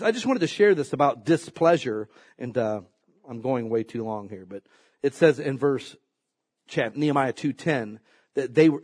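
A man preaching a sermon in an animated, emphatic way, swinging from loud high peaks to low asides.

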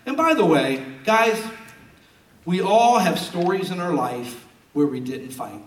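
A middle-aged man preaching a sermon in a large church auditorium, telling stories with loud bursts and hushed asides. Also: high voice, very animated, unhurried, recorded from a distance. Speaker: pastor. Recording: roomy sound from off-mic in a hall.

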